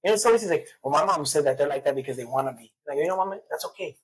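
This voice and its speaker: A woman's voice: low-pitched, animated, racing, slightly rough, low-quality recording. A woman telling stories in a casual chat, profane and acting out the voices of people she quotes.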